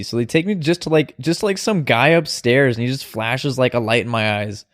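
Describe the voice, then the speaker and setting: A man's voice: medium pitch, lively intonation, fairly quick, no room sound. A young man co-hosting a podcast, telling a story in a laid-back way with lots of fillers and swearing. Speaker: podcast co-host. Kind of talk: casual chat.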